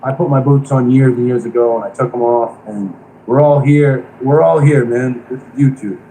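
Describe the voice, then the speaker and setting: Man, dark mellow voice, halting, apologetic, live-stream panel, faint hiss. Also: mid-range voice, rough recording.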